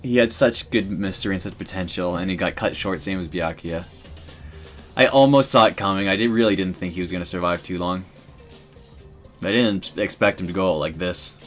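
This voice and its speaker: Rambling, emotional low-voiced man. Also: a little fast, a bit bright, faint music behind. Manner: emotional, tearful at times, rambling with restarts. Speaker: streamer. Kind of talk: casual rambling commentary.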